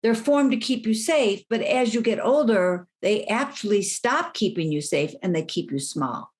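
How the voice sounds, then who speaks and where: A woman's voice: medium pitch, lively intonation, moderate pace. Candid middle-aged lady coach, talking through her past thoughtfully. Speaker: life coach guest. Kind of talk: reflective interview talk.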